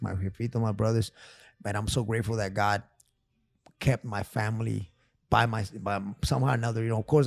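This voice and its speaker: A man's voice: mid-range voice, gravelly, darkish tone, no room sound. A man guest telling a personal story on a casual podcast, emotional and profane, repeating phrases. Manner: repeats phrases, calls host big dog. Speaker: therapist guest.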